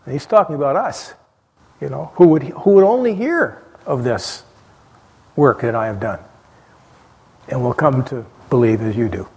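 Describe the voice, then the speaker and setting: A man's voice: medium pitch, lively intonation, moderate pace, pauses often, a little mellow, husky, long reverb tail. A man leading a church Bible study class in a conversational, rambling way, with frequent fillers and restarts.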